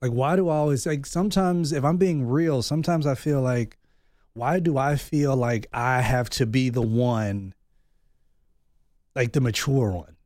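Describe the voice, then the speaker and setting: A man's voice: mid-range voice, a little slow, darkish tone, no echo, clean studio sound. A man in his thirties, a podcast guest, talking openly and reflectively in a candid personal conversation, thinking aloud as he goes.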